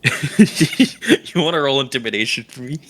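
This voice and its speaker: A man's voice: medium pitch, lively intonation, measured pace, fairly bright tone. A man narrating a tabletop game as dungeon master, in a casual, rambling way full of fillers.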